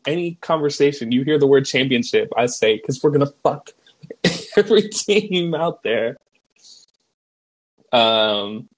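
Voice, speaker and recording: A man co-hosting a podcast, casually chatting and acting out movie quotes with frequent laughter. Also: mid-range voice. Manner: laughing, acts out quotes in raised voice. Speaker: podcast co-host. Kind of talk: casual chat, quoting movie lines.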